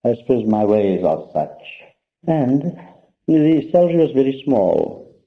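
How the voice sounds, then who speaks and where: A man's voice: mid-range voice, very animated, measured pace. An older man from India, a spiritual teacher, tells a personal story to an audience in a conversational, anecdotal way. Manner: anecdotal, conversational, addresses listeners directly. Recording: muffled lo-fi talk recording.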